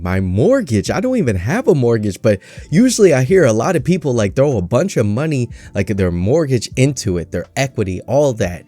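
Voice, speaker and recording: A man's voice: medium pitch, very animated, moderate pace, hardly any pauses, warm tone, no room sound. A man hosting a casual, jokey stock market vlog, rambling with self-mocking asides.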